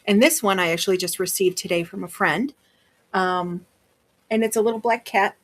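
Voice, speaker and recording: A woman's voice: medium pitch, normal speed. A woman with a Wisconsin accent chatting casually on a livestream as a seller, rambling with many fillers. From Wisconsin, USA.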